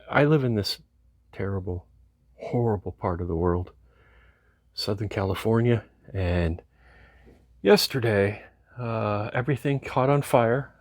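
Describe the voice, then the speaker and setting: A man's voice: fairly low pitch, no room sound, clean studio sound. A man talking casually through a DIY car repair in his garage, rambling and joking wryly as he works. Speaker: home mechanic vlogger.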